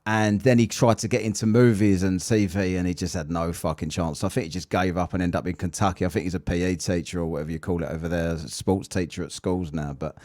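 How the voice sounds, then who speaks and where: A man's voice: deep voice, steady tone, fast talker, hardly any pauses, darkish tone, dry recording, studio quality. A British man hosting a podcast, chatting casually, telling stories and swearing freely with a jokey manner. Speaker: podcast host.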